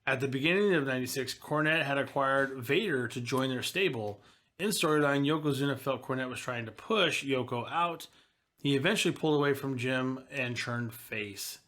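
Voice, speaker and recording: A man's voice: medium pitch, moderate pace, a bit bright. A man co-hosting a casual wrestling podcast, reading through history notes and adding wry asides. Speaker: podcast co-host.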